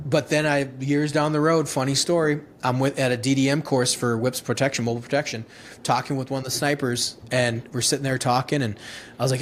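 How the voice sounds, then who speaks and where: A man's voice: mid-range voice, steady tone, fast talker, a little hiss or hum. Profane ex-Marine man telling war stories. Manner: rambling, profane, laughing retelling with many restarts. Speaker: guest, former Marine infantryman. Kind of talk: casual storytelling interview.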